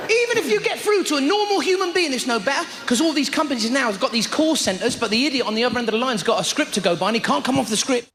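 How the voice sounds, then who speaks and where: A British man delivers a stand-up routine in a very high, lively voice that leaps around as he tells his stories and slips into mimicked voices. The live recording carries loud background noise. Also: racing, few pauses. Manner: animated storytelling with many mimicked voices. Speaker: stand-up comedian.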